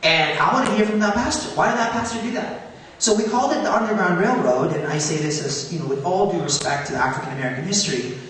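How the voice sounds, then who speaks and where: A man speaking onstage at a public event, earnest and animated, his voice rising on questions. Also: fairly high pitch, fast, a little hiss or hum. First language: Tagalog. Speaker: guest speaker. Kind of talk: onstage conversation. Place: high school auditorium. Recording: echoey hall from far off.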